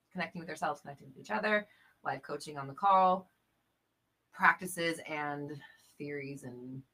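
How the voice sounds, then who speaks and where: A woman's voice: deep voice, sharp tone. A woman hosting a casual live-stream chat, reading out viewer comments, chatty and playful with frequent laughter. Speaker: host and coach.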